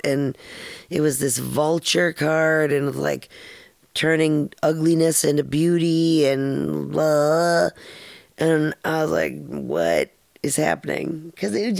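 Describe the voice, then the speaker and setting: A middle-aged woman with a low, gravelly voice tells a personal story in a loose, rambling way. She is frank and swears casually. The recording is dry and close. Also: no room sound. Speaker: podcast host.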